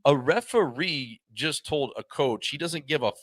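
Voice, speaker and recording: A man co-hosting a hockey podcast, telling casual, animated stories about his pro career and swearing freely. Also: a little high, unhurried, no room sound, studio quality. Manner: animated anecdotes with quoted voices, swears freely. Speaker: podcast co-host, former pro hockey player. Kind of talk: casual chat, storytelling.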